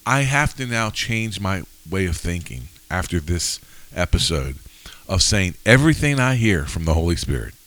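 A man's voice: deep voice, fairly bright tone. A man co-hosting a casual faith discussion, speaking emphatically and pressing with questions. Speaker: podcast co-host.

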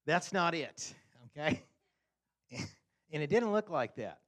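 A man giving a casual, humorous sermon, animated and often chuckling, acting out quotes with sudden high pitch jumps. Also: takes it slowly.

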